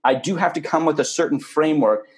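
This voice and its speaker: A man's voice: fairly high pitch, quick pace. A man in a casual podcast chat, talking in a thoughtful, rambling way with plenty of fillers.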